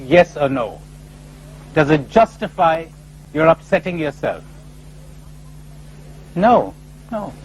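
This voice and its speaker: A man speaking to a live audience about spiritual matters, his slightly raised voice swooping up and down with lively energy. He fires off rhetorical questions and briefly acts out how others might answer. A faint hum sits under the recording. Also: on the high side, slow, pauses often, low-quality recording. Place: lecture before a live audience.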